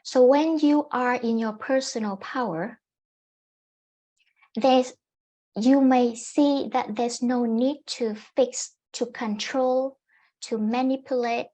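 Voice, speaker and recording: A woman life coach giving calm, gently instructive self-help advice to camera, often repeating her points. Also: fairly high pitch, takes it slowly.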